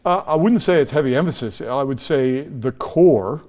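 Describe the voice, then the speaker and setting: On a podcast interview, a school trust leader from Chicago, American-accented, recounts stories emphatically, repeating words and starting over often. His mid-range voice is expressive and darkish at normal speed, with long reverb behind it.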